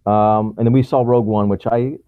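A man's voice: on the low side, steady tone, a little fast, clear, resonant tone, dry recording, phone-quality sound. A man co-hosting a podcast in casual chat, talking with opinion and laughing often. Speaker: podcast co-host.

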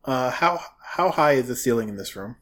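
A man's voice: mid-range voice, animated, normal speed, a bit bright. Man, tabletop player, curious, questioning, casual chat. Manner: curious, asks many questions. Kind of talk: playing a tabletop game.

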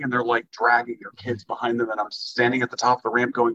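A man in casual podcast chat, telling animated anecdotes and acting out the people in them. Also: medium pitch, a little fast, few pauses, muffled recording. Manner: animated anecdotes with acted-out quotes.

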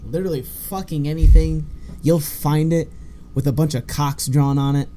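A man with a slightly higher voice co-hosts a casual podcast. He is playful and often drops into silly joke voices. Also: steady tone, moderate pace, mellow. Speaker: podcast co-host. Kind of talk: casual chat.

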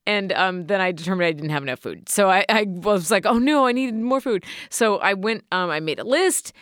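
A woman's voice: medium pitch, expressive, a little fast, a bit bright, no room sound, studio quality. A woman co-hosting a casual chat, telling a story in a chatty, self-mocking way. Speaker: podcast co-host.

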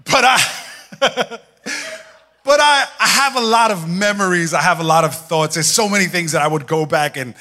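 A young man preaching a sermon, telling stories in an animated way and acting out voices. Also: high-pitched, moderate pace, long pauses. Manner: animated storytelling, acts out voices and laughs. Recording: hall reverb.

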